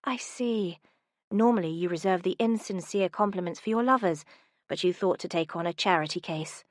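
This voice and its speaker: A woman voicing a bookish, sharp-tongued young woman who speaks in a wary, cutting way. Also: fairly low pitch, moderate pace, no room sound, clean studio sound, natural voice.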